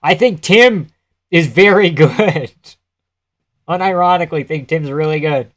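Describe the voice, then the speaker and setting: A man's voice: fairly high pitch, unhurried, a bit bright. A young man live-streaming casual commentary, laughing often, swearing and answering his chat as he talks.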